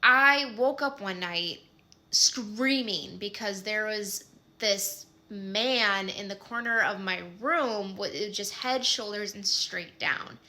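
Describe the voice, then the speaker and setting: Slow and forceful, her medium-pitched voice has a bright tone. A chatty woman in her thirties, she relates a personal story in a Midwestern American accent, sprinkling in plenty of "like" and "um."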